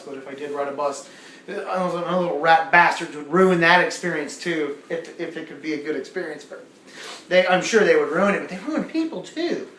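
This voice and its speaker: A man's voice: on the high side, a little hiss or hum. Profane, rambling stand-up comic man. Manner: profane, rambling, animated storytelling. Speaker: stand-up comedian. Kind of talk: stand-up comedy set. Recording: echoey room with faint ambience.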